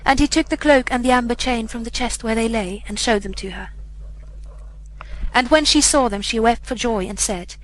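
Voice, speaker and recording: A woman reading an old fairy tale aloud in a measured, even storybook narration. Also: on the high side, low-quality recording. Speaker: audiobook reader.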